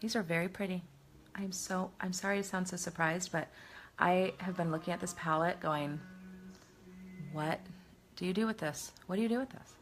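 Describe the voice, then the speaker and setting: A woman's voice: fairly low pitch, steady tone, normal speed, long pauses, faint music behind. A middle-aged woman chatting casually through a makeup tutorial, self-deprecating and talking as she works. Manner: chatty, self-deprecating, talks while working. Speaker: makeup vlogger.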